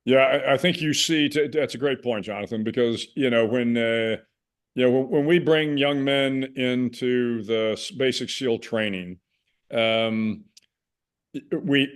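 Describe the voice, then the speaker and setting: Man, 60s, from the United States, interview guest, measured reflective delivery, frequent restarts, mid-range pitch. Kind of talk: conversational interview.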